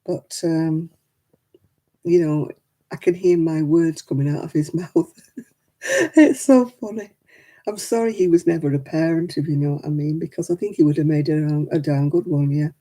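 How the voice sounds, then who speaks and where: Older woman, chatty storyteller with a husky, breathy voice. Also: deep voice, moderate pace, warm tone. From England. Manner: chatty storytelling, laughs often. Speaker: livestream host. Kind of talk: casual chat.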